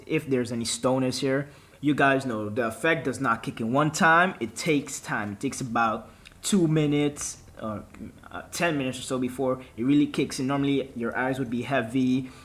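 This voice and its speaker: A young man hosting a vlog, telling a story casually, with lots of swearing and acted-out quotes. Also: medium pitch. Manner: animated, profane storytelling with quoted dialogue. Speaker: gaming channel host.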